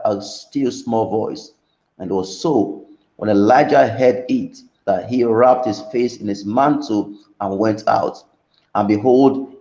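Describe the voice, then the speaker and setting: A man's voice: mid-range voice, mellow. Male preacher delivering a sermon, emphatic and repetitive, recorded in a roomy hall with a dull, muffled sound. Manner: rising to emphatic repeated questions.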